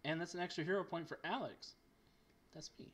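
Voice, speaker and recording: Animated game master man. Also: on the high side, a little fast. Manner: animated and joking. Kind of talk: narrating a tabletop game.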